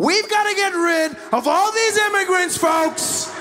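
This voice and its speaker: Guy doing a shouty old politician, blustery, way up high. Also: a little slow, full character voice. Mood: blustering. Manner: loud, blustering rally speech. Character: brash shouting older male politician.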